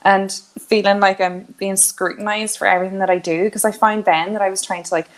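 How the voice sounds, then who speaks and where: A woman's voice: mid-range voice, flat delivery, brisk. A woman, co-hosting a podcast and telling a story in casual chat, acting out the lines of the people in it. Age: 20s. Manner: storytelling, acting out quotes, laughing often. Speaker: podcast co-host.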